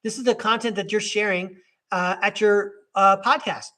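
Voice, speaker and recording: A man's voice: high-pitched, steady tone, moderate pace, bright, forceful tone. A man hosting a live tarot reading in a casual, upbeat way, encouraging and speaking straight to his listener. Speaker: tarot reader and podcast host.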